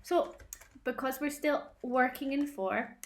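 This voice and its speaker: Recorded close to the camera at her home table, a music tutor from Scotland takes children through a rhythm lesson. Her slightly high voice stays slow, clear, and encouraging throughout.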